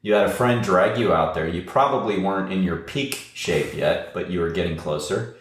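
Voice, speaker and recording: A man's voice: low voice, moderate pace, echoey room. A man hosting a podcast and interviewing a guest in a chatty, rambling way, with plenty of uhs. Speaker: podcast host and running coach.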